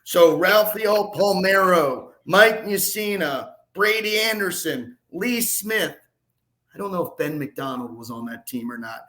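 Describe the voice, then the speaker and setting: A man in his forties, a podcast guest and sports reporter, telling animated, self-deprecating stories in a rambling way. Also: sits high, a little slow. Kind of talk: casual storytelling.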